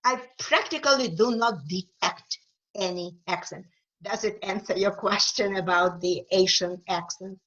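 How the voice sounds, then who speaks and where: A woman speaking with an East European accent, a guest author talking slowly and thoughtfully in a webinar, sometimes repeating words as she searches for them. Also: medium pitch, fairly bright tone, muffled recording. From Ukraine. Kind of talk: webinar talk.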